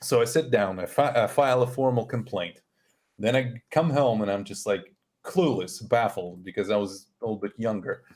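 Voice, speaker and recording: A man's voice: lowish voice, moderate pace, a little mellow. A young man on a stream telling a story in a loose, casual way, swearing and sounding exasperated.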